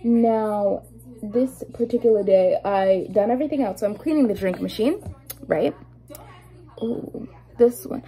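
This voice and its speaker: A young adult woman vlogger telling a story in a casual, animated and indignant way while doing her makeup at home, with lots of fillers. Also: medium pitch, unhurried, long pauses, slight background noise, rough recording.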